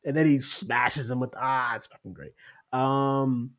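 A young man co-hosting a casual podcast chat, excited, swearing often and acting out quotes. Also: medium pitch, unhurried. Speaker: podcast co-host.

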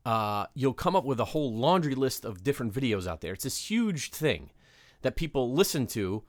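A man's voice: medium pitch, very animated, normal speed, no echo, studio quality. A man co-hosting a podcast, chatting casually and joking, with many fillers. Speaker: podcast co-host. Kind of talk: casual chat.

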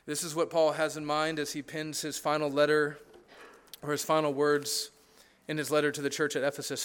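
A man's voice: fairly high pitch, normal speed, fairly bright tone. A man preaching a sermon as pastor, in a conversational, emphatic manner that often checks in with the congregation and stacks parallel phrases.

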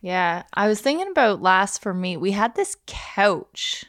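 A woman's voice: mid-range voice, very animated, unhurried, fairly bright tone, dry recording, studio quality. A woman in her thirties co-hosting a podcast, telling stories in a casual, chatty way and laughing easily. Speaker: podcast co-host. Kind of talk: casual chat.

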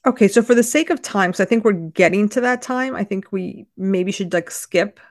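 A woman's voice: mid-range voice, normal speed, no room sound, clean studio sound. A woman co-hosting a podcast, chatting casually and emphatically about a book. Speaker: podcast co-host.

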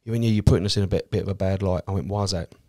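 Lower-pitched Essex man swearing through his stories. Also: rapid-fire. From Essex, England. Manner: swears freely, acts out quoted people in a lively way. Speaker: cab driver and comedian guest. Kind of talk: casual chat, telling anecdotes.

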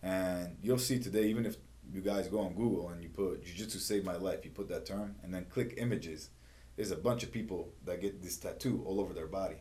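A man's voice: low-pitched, a little fast, warm tone. A middle-aged man, a jiu-jitsu instructor, talking casually and animatedly in an interview, often asking "you know what I mean".

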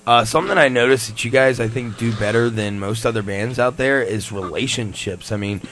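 A man's voice: medium pitch, brisk, fairly bright tone, slight background noise. A man hosting a podcast in casual chat, laid-back and joking, with lots of fillers. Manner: laid-back, laughs often, rambling fillers. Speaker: podcast host.

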